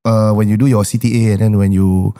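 A man's voice: lowish voice, level tone, fairly quick, dark tone. A man co-hosting a podcast in casual chat, teasing and full of questions. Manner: teasing, asks lots of questions. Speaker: podcast co-host.

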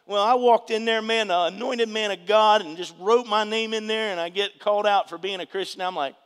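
A man's voice: sits high, steady tone, a little fast, hardly any pauses, fairly bright tone, smooth. A man preaching a sermon with personal testimony, emphatic and calling on the congregation for responses. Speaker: pastor. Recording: reverberant hall.

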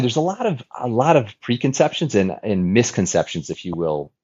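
A man in his forties with a lowish voice tells his story as a podcast guest, earnest and animated, slipping into the voices of people from his past. The recording sounds dull and lo-fi, as if the high end were rolled off. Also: a little fast, few pauses, breathy edge. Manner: earnest, animated storyteller who often acts out remembered dialogue. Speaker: podcast guest, former Navy fighter pilot. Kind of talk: conversational storytelling.

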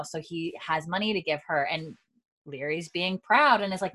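A woman's voice: fairly low pitch, a little slow, bright, forceful tone. A woman podcast host giving a chatty, casual episode recap, full of fillers and acted-out lines.

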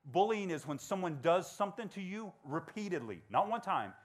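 Male speaker, 40s, school talk, animated and conversational, acts out voices. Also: high-pitched, moderate pace. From Georgia. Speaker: motivational speaker. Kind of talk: storytelling talk to students.

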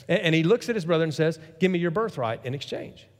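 A man preaching a sermon, telling a story with lively acted-out quotes. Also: a little high, fast talker, long reverb tail. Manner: animated storytelling, acts out quoted voices. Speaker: pastor.

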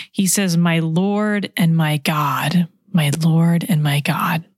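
A woman preaches at an unhurried, measured pace, repeating her key lines for weight. She sinks to a hushed whisper when she quotes scripture, and the recording is close and dry, with no room sound. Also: medium pitch, no room sound. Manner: slow, reflective, repeats key phrases; drops to a soft whisper when quoting scripture. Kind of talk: sermon.

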